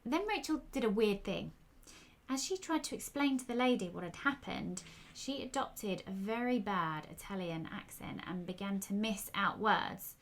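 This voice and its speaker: A woman's voice: medium pitch, animated, moderate pace. A woman storyteller reading her own fiction aloud in a wry, conversational way.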